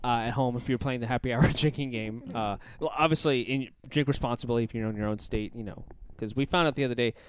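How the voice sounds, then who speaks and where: A man's voice: medium pitch, fast talker, few pauses, clean tone. A man hosting a casual podcast, chatty and rambling, laughing often as he tells stories. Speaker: podcast host.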